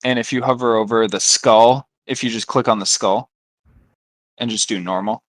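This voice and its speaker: A man acting as dungeon master in an online tabletop game, calmly guiding players through the rules and narrating the action. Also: mid-range voice, moderate pace, no room sound.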